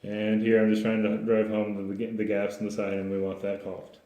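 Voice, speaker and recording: A man walks a client through his home inspection findings. His voice sits low and stays flat, and he talks in a practical way, often restarting his sentences. The recording has the roomy echo of a bare space. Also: moderate pace, highs cut off, a little hiss or hum. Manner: plain, practical, with frequent restarts. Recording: echoey room.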